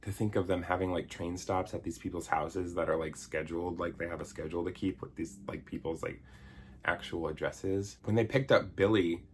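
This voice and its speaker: A man's voice: sits low, fairly even intonation, a little fast, a little hiss or hum. A man in his thirties giving a sarcastic, exasperated comedic movie review rant, swearing and mimicking characters. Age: 30s. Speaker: video essayist.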